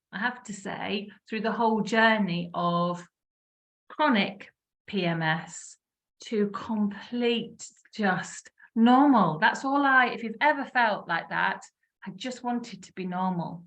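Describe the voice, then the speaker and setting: A woman in her fifties telling her own health story in a casual, animated way, laughing often and acting out what she once said. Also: mid-range voice. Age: 50s. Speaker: wellness speaker sharing her story. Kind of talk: casual testimonial talk.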